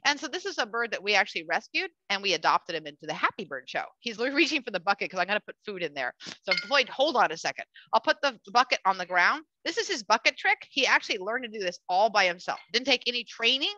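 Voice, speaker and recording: Lively bright-voiced woman presenting a bird show. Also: medium pitch, quick pace, hardly any pauses, no echo. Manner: animated, chatty, coos at the bird and addresses the audience. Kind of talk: live educational animal show for children. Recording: dull lo-fi dry sound.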